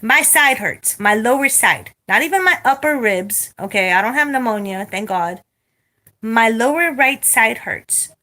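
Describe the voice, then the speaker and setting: Bright toned woman ranting on her vlog, swears a lot, no filter. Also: fairly high pitch, a little slow. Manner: blunt and profane, animated retelling. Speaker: vlogger. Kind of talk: casual storytime rant.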